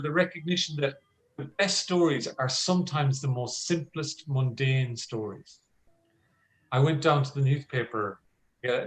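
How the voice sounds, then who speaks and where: A man with a fairly high voice coaches a group on storytelling over a video call. He acts his examples out with lively swings in pitch and often restarts mid-sentence. The talk is casual and friendly. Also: low-quality recording.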